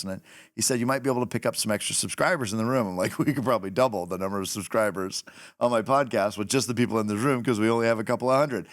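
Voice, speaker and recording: A middle-aged man hosting a podcast, telling a story in a casual, animated way and laughing as he goes. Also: medium pitch, dry recording, studio quality. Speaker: podcast host.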